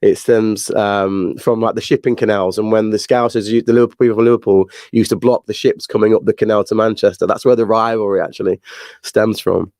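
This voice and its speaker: A man's voice: lowish voice, level tone, fairly quick, darkish tone, no echo. A man from England with a Northern English accent, a podcast guest who laughs easily and talks with many fillers. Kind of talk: casual interview chat.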